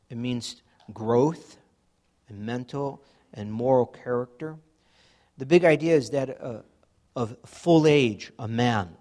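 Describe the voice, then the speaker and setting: A man's voice: medium pitch, darkish tone. Pastor guy preaching casual-style, plain mid voice, acts out little scenes. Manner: conversational, acting out everyday examples. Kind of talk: sermon.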